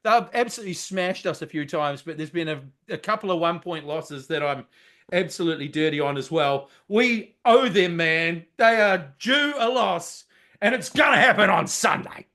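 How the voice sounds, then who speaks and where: A middle-aged New man talks sport in a loud, excitable rush, swearing as he goes. His voice sits high for a man. He sounds like a fired-up fan rather than a broadcaster. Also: normal speed. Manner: excitable, loud, swears freely, mimics people. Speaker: podcast co-host. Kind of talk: casual sports chat.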